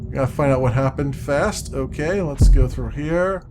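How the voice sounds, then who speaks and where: A man giving casual let's-play commentary, chatty and thinking out loud as he plays. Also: mid-range voice, normal speed, over music.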